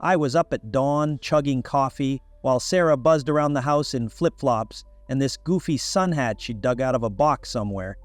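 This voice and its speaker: A man's voice: medium pitch, moderate pace, few pauses, dry recording, faint music behind. Young man narrating a story, wry. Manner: casual, wry, conversational. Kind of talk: first-person story narration.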